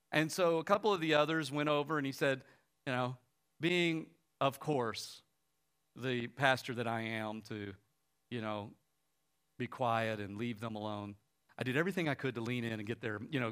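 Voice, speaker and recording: A man delivering a sermon in a middle-pitched voice, telling a story and acting out the people in it with quoted lines. Toward the end he drops to a quiet, soft appeal. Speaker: pastor.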